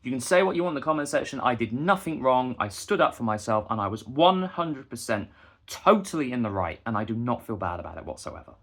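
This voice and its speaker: A man's voice: mid-range voice, big pitch swings, brisk, fairly bright tone. A young man, delivering a heated, indignant rant straight to the camera. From England. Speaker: busker and vlogger. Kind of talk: ranting monologue to camera.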